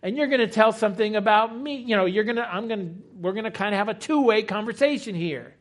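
High-voiced male preacher teaching. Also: fast talker. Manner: explanatory, conversational, rhetorical questions. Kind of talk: sermon teaching.

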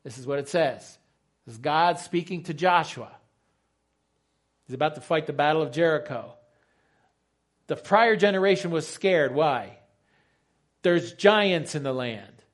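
A male preacher delivers a sermon with a fairly high voice. He talks emphatically and poses rhetorical questions to the congregation. He repeats his key points. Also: animated, a little slow, pauses often.

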